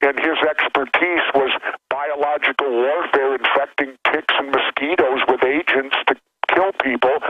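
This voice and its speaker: Blunt man on a dull phone line. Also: fairly high pitch. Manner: blunt, plainspoken. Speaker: guest, former politician. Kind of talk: phone-in radio interview. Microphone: telephone.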